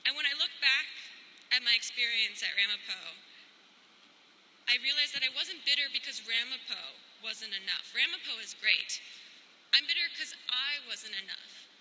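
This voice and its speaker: Bright high-voiced young woman giving a jokey speech. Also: animated, moderate pace, a little hiss or hum, poor audio. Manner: playful, self-deprecating humor. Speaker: commencement speaker. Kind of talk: comedic commencement speech.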